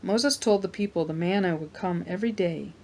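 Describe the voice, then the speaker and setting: A woman reading a children's Bible story aloud for a church, in a plain, gentle storytelling manner with small asides. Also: on the low side, fairly quick, a little hiss or hum.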